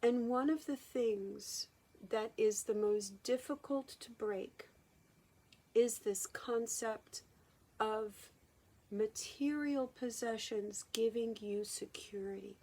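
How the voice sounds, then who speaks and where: Woman channeling a slow, solemn spirit guide. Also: a little high. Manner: slow, drawn-out, hushed words. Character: solemn, gentle male spirit guide counseling humanity. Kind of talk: spoken channeling.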